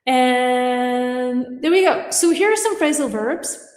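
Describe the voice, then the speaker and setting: A woman's voice: high voice, slow pace, darkish tone, roomy sound, big-room sound. A woman teaching a live-streamed English lesson, chatty and upbeat, reading out viewers' comments and laughing at her own slips. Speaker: English teacher and livestream host. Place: home studio, lives in Germany.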